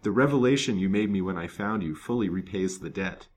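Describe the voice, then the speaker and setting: A man's voice: low voice, brisk, darkish tone, slight background noise, lightly acted. A man reading the part of a resolute, gallant detective in a storybook, grave and determined. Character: determined, gallant male detective, kind but stern.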